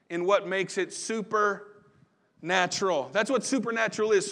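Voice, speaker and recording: Male pastor, folksy conversational sermon, fairly high voice. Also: a bit bright. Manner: folksy, conversational preaching with dramatized quotes.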